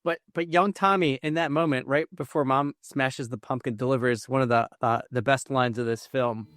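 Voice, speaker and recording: A man co-hosting a podcast, chatting casually with quick bursts and laughs about a movie. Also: medium pitch, steady tone, a bit bright, no echo. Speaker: podcast co-host. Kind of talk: casual movie review chat.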